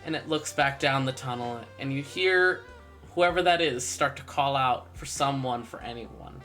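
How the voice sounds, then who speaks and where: A game master slowly narrating a tabletop game's dream scene, pausing often with fillers. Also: mid-range voice, sharp tone, soft background music. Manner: slow, halting narration with many fillers.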